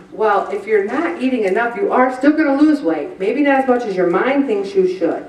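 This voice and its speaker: A woman leading a weight-loss group presentation, chatty and animated, acting out little voices. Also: medium pitch. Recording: roomy echo from far off the mic.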